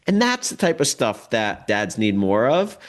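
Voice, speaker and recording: A middle-aged man with a fairly low voice, speaking as a podcast guest. He tells stories with animation and drops in "like" and "right?" as he goes. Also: unhurried. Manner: animated storyteller with frequent "like" and "right?". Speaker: podcast guest, dads' program leader. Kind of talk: conversational interview.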